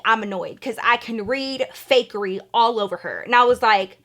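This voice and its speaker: A young woman with a slightly high voice tells a story on her vlog, sassy and salty. She swears freely and plays up the drama. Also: normal speed, hardly any pauses, fairly bright tone. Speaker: vlogger.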